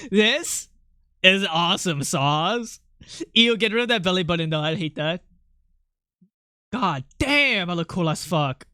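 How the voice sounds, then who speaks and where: Excitable young man, bright crisp voice. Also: high-pitched, takes it slowly, pauses often, no echo, studio quality. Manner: excitable, laughs often, swears casually. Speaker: art streamer. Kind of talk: casual live-stream chat.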